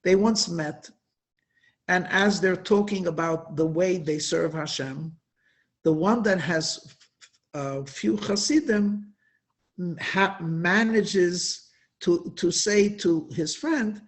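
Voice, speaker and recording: Man, high voice, unhurried, emphatic religious storytelling, stretched-out words. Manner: emphatic, storytelling, drawn-out stresses. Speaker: speaker at a Hasidic gathering. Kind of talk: inspirational religious talk.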